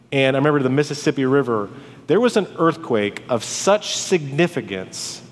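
A man preaching a sermon as a pastor, swinging from dramatic rises to hushed drops on key words. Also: mid-range voice. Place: church sanctuary. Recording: long hall reverb.

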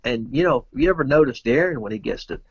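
A man's voice: medium pitch, expressive, quick pace, slightly rough, no room sound, muffled recording. A man, a guest telling a rambling, folksy story with loose grammar in casual chat. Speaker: interview guest, pool player.

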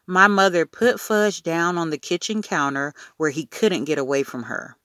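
A woman reading a children's story aloud in an expressive, unhurried narrating voice. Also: lowish voice, no echo, studio quality. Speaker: audiobook reader.

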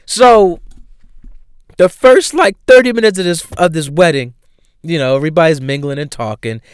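A man telling a funny personal story in a casual, animated way, laughing often and using slang and swearing. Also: on the high side, moderate pace, smooth, no room sound.

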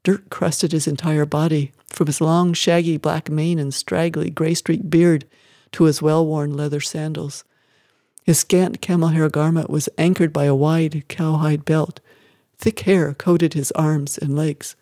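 A reader narrates a story in a measured, expressive way at a middling pitch. The recording is dry and close, with no room sound. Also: no echo. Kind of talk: scripted audiobook narration.

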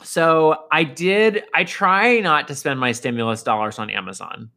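A man's voice: fairly high pitch, a little slow, gravelly, pushed and bright. A man co-hosting a podcast, chatting playfully and saying "like" often. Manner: playful, says "like" a lot. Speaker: podcast co-host. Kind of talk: casual chat.

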